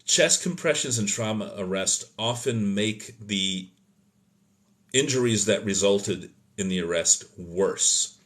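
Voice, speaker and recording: Low-voiced man teaching on a live Q&A. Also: lively intonation, slow, fairly bright tone. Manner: opinionated, soapbox teaching tone; loose, self-correcting delivery with fillers. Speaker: host of an emergency medicine live stream. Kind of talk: live Q&A, answering chat questions.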